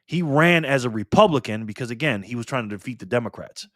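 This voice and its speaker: A man's voice: mid-range voice, animated, fast, fairly bright tone, dry recording, studio quality. A man hosting a casual live stream, reading the chat aloud and talking back to viewers in an upbeat, chatty way. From Nevada.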